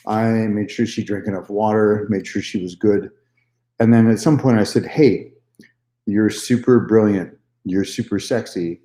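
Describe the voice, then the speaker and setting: Male vlogger, mellow tone, casual candid storytelling, roomy echo. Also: lowish voice, a little slow. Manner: candid, swears freely, repeats himself.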